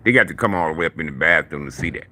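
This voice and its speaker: Middle-aged man, casual storyteller, animated and profane; bright tone with a lot of swing in pitch. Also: rapid-fire, a little hiss or hum. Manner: profane, slangy, animated retelling.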